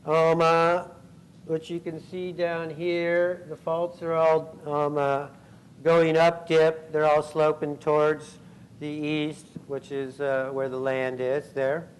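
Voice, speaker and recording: A man giving a scientific conference talk, pausing often with ums and uhs and clearing his throat. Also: fairly high pitch, flat delivery, low-quality recording. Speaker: conference speaker. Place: convention center hall.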